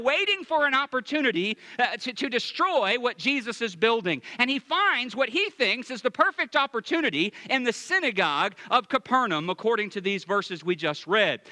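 A man's voice: extremely high pitch, bright, forceful tone, dry recording. A male pastor preaching a sermon with emphasis, repeating his key phrases.

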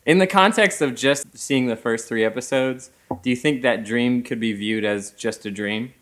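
Male host, average pitch, playful questioner in casual chat. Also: moderate pace, fairly bright tone. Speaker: podcast host.

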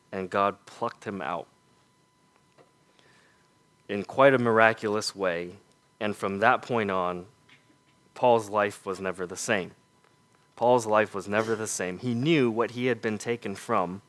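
A male preacher delivering a sermon in a low voice. He talks slowly and deliberately and asks his listeners one rhetorical question after another. On his key points his voice falls soft and quiet. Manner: earnest, rhetorical questions, drops to soft emphatic lows.

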